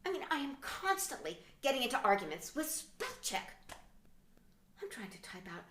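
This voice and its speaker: A middle-aged woman performing a stand-up comedy monologue, theatrical, with sudden hushed whispers and mock outbursts. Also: high voice, sing-song, moderate pace, noisy background. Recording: roomy echo.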